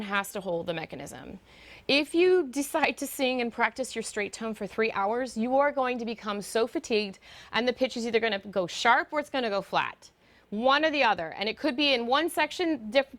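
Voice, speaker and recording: Higher-pitched woman voice coach, animated lecture style with quick sung demos. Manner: animated, demonstrates sung notes. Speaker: guest voice teacher. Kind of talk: lecture to a choir.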